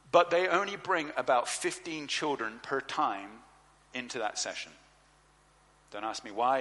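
A male preacher tells a personal story from the stage, jumping into lively voices for the people in it. His tone is bright and forward, and the sound rings with the long reverb of a large hall. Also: mid-range voice. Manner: animated storyteller, acts out dialogue. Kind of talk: sermon storytelling.

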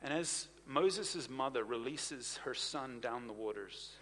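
Bright-voiced preacher in a reverberant hall. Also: male voice, mid-range voice, takes it slowly. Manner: animated anecdotal storytelling with asides. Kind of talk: sermon storytelling.

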